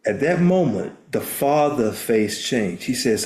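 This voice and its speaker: A man's voice: medium pitch, animated, a little slow, a little mellow. Older man, earnest storyteller, roomy sound. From United States. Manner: earnest, repeats words while restarting. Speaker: guest, therapist and minister. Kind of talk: storytelling interview. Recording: roomy echo.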